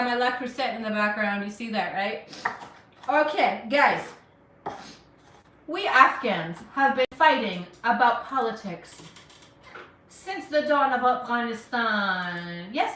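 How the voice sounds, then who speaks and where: A woman's voice: on the high side, a bit bright, distant mic, a little hiss or hum. A woman who works as a criminal defense lawyer, chatting casually and teasingly with viewers while she cooks on a livestream. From United States. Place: home kitchen. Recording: roomy kitchen audio, speaker off-mic.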